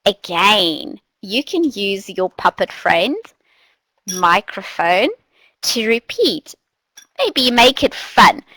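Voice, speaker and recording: A woman giving an online teacher training, animated and demonstrative, often playing with her voice. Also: mid-range voice, slow, no room sound, low-quality recording. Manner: animated, demonstrative, playful voice changes.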